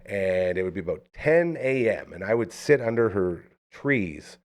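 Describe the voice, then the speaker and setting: Animated man hosting a live talk show. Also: on the low side, normal speed. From Canada. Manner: lively, joking, hypes guests up. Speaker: host.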